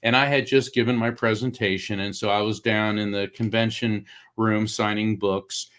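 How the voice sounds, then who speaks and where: Middle-aged man telling a vivid story. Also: normal speed. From Florida. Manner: animated storyteller, acts out quoted voices with big pitch jumps. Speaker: guest, psychic medium and author. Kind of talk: storytelling in a talk show interview.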